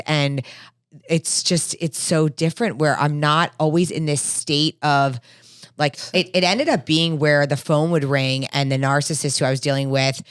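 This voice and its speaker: Woman, low voice, lively storyteller who acts out her thoughts in casual chat. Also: moderate pace, smooth, dry recording, studio quality. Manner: animated storytelling, acting out her own thoughts. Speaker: podcast co-host.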